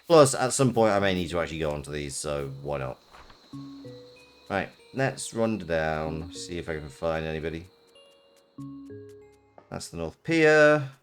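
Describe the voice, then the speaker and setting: A man's voice: low voice, very animated, measured pace, long pauses, clear, resonant tone, faint music behind. A man streaming a game, thinking aloud in a rambling casual way with fillers. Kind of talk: casual let's-play commentary.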